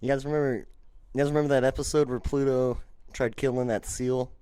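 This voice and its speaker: A man telling funny stories in casual podcast chat, animated and laughing often. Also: medium pitch, brisk, clear, resonant tone. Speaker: podcast co-host. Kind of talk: casual storytelling.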